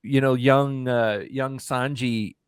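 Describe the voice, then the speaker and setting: A man's voice: medium pitch, steady tone, takes it slowly, clear, resonant tone, no room sound, clean studio sound. A man reviewing anime in casual podcast chat, rambling with lots of fillers. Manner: rambling, many fillers and restarts.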